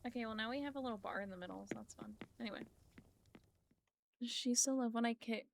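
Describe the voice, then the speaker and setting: A woman's voice: a little high, fast talker, creaky. A woman livestreaming, chatting casually with her viewers as she plays, giggling often and swearing offhandedly. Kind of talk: casual chat while playing a game. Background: game music.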